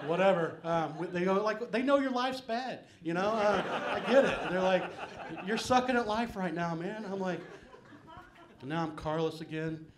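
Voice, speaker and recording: A middle-aged stand-up comedian rambles through a live set at a small venue, running himself down and filling his talk with "man" and "um." His voice sits high and moves at a normal speed, with background noise in the recording.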